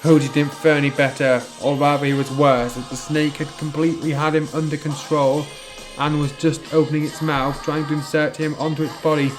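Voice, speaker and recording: A man's voice: a little high, flat delivery, fairly quick, soft background music. A man reading a fan story aloud as narrator, in a plain reading voice with slips and self-corrections.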